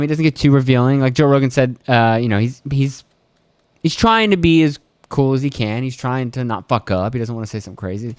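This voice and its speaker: A man's voice: mid-range voice, no room sound. A young man hosting his own podcast, rambling casually with lots of swearing and chuckles. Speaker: podcast host. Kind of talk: casual solo podcast rant.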